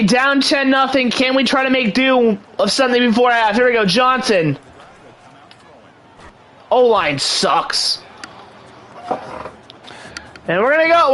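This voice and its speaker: High-voiced hyped male game commentator. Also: pushed and bright, poor audio. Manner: hyped, mock sports-announcer delivery. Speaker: gaming channel host. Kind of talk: excited play-by-play commentary over a video game.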